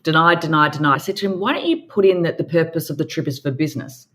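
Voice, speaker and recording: A woman's voice: low-pitched, quick pace, a bit bright. An Australian woman in her forties, a guest entrepreneur telling her story in a candid, emphatic way and acting out quoted dialogue.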